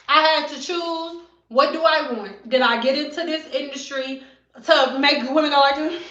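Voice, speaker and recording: Woman in her thirties, high voice, blunt and sassy vlogger; echoey bathroom, slightly dull recording. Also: sharp tone. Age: 30s. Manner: sassy, blunt, acts out client exchanges. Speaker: hairstylist vlogger. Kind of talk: casual vlog rant. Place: bathroom at home.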